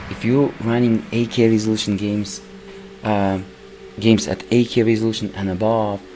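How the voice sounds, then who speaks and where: A man with a voice worn hoarse from recording, casually commenting over his gameplay as a PC gaming channel host and calling his viewers "guys". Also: fairly low pitch, background noise. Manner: keeps calling the viewers "guys", rambling with restarts.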